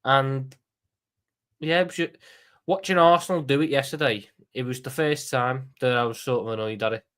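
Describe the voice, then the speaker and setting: A man's voice: medium pitch, steady tone, normal speed, fairly bright tone. A man from Liverpool with a Scouse accent, chatting casually and animatedly as host of a live watchalong stream, often swearing and repeating words. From Liverpool, England.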